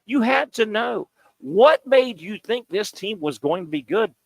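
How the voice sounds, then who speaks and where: A man's voice: sits high, animated, a little slow, creaky, no room sound. A man hosting a sports talk show, ranting combatively with pointed rhetorical questions, broadcasting from a bar and grill. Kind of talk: sports talk radio rant.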